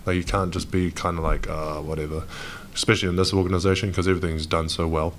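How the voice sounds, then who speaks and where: A young man with a New Zealand accent talks casually to reporters at a press event. His voice is very low, and he rambles loosely, saying "mate" over and over. There is faint background noise behind him. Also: flat delivery, very fast. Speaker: pro basketball player. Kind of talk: media day press interview.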